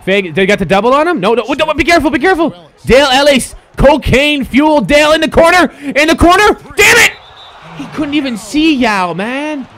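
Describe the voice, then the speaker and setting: A young man streaming a basketball video game, giving excitable, profane commentary and shouting at his players. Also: extremely high pitch, a little fast. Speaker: gaming streamer.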